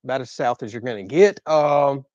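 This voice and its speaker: A man's voice: medium pitch, moderate pace, no room sound, muffled recording. Southern drawling man on a livestream. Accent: Southern US, Florida. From Southern United States. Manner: relaxed, reads viewer questions aloud and chats. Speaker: co-host of a channel livestream. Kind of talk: casual livestream Q&A.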